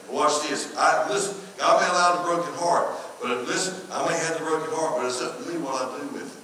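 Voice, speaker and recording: A man's voice: on the high side, brisk, few pauses, sharp tone. A man from North Carolina with a Southern accent, preaching a sermon in a folksy storytelling way and repeating phrases for emphasis. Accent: Southern American. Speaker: pastor. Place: church sanctuary. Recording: echoey church hall from far off.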